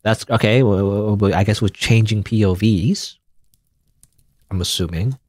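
A man's voice: on the low side, measured pace, a little mellow, no echo, clean studio sound. A man casually commenting on a story game as he plays, wry and rambling, with plenty of hesitations. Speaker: let's play host.

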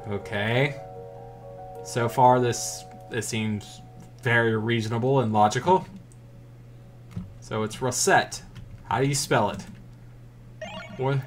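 A man's voice: mid-range voice, slow, pauses often, soft background music. A man doing jokey let's play commentary who rambles and talks to himself. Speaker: gamer.

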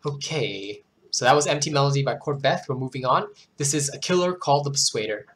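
A channel host with a hoarse, worn-out throat reads poems dramatically and breaks into casual, self-deprecating chat between them. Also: mid-range voice, fairly quick, slight background noise. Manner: expressive, theatrical recitation, then chatty and self-deprecating. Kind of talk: dramatic poetry reading with casual asides.

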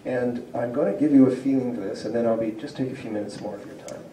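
Male professor lecturing, mid-pitched and mellow, loose and explanatory; recorded from a distance in an echoey room. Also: fast talker. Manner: conversational, explaining and reading out word examples. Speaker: professor of Slavic linguistics. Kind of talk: public lecture. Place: civic centre lecture room. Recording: echoey room, voice from far off, faint hum.

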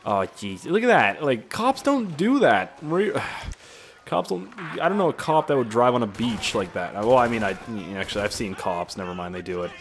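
A man giving casual, rambling gameplay commentary, excitable and swearing often. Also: medium pitch, normal speed, slight background noise. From Canada. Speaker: gaming YouTuber.

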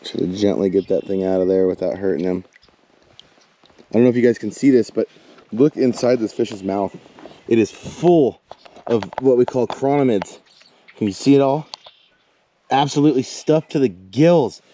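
A man hosting an outdoor fishing vlog from a boat on a lake, explaining casting tips and getting excited over his catches. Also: medium pitch, normal speed, pauses often. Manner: excitable, whoops and shouts when fish jump.

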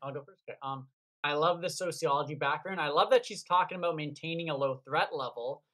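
Brief: male panel guest, slightly high voice, calm and analytical. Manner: measured, analytical. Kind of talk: casual panel chat.

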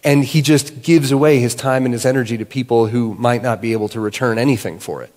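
Man preaching a relaxed conversational sermon in a hall. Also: medium pitch, quick pace. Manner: conversational, relaxed storytelling with fillers. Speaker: guest pastor. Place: church sanctuary.

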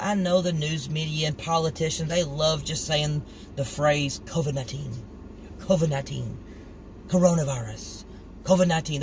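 A man's voice: a little high, background noise. A middle-aged man preaching informally on scripture, earnest and conversational, acting out the story with animation. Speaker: street preacher.

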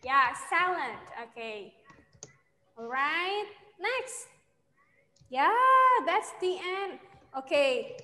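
A young woman teaching an online English lesson to children, speaking slowly and patiently and repeating her questions. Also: high-pitched, animated, sharp tone. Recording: echoey room with long reverb.

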